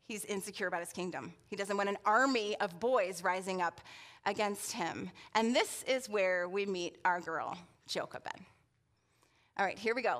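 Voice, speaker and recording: A woman's voice: medium pitch, fairly bright tone. A woman preaching as a guest speaker in a church, playful and chatty, often asking the room questions. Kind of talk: sermon with audience interaction. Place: church sanctuary.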